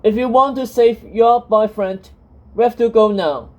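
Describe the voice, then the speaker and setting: A woman reading the lines of a gruff, battered male sheriff who talks bluntly and urgently. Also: fairly high pitch, a little slow, muffled recording, close to an everyday voice. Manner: urgent, blunt, rough-spoken.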